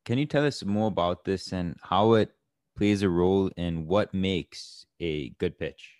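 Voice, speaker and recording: Very deep slow-talking man host. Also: a little mellow, dry recording, clean studio sound. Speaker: podcast host. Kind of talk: interview question.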